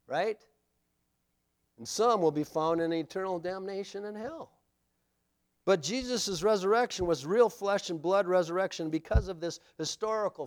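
Animated preaching man, lively delivery. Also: high voice. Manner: animated preaching, acts out scripture quotes, swings between loud and hushed. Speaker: pastor. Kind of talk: sermon.

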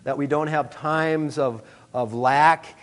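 Earnest higher-voiced male preacher. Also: steady tone, slow pace. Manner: earnest, emphatic, many "uh" fillers. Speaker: pastor. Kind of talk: sermon.

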